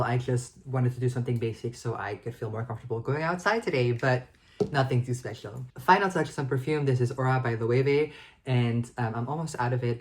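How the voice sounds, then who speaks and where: A young woman in her twenties chatting casually to the camera in a vlog, self-deprecating and full of filler likes. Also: very deep voice. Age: 20s. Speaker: vlogger.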